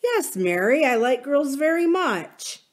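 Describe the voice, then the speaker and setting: A woman voicing a gentle, sad grown man, a kind uncle, in a storybook reading, quietly. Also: high voice, very animated, slow, voice pushed up, heavily acted.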